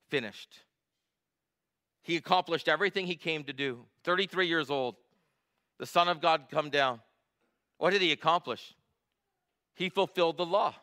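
A male pastor preaching a sermon, moving from quiet, reflective storytelling to emphatic, rising passages. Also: mid-range voice, smooth. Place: church.

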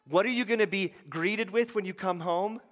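A man preaches a sermon as pastor, moving between soft conversational asides and loud, animated storytelling. His voice sits a little high. The sound rings with the long reverb of a large hall. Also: normal speed.

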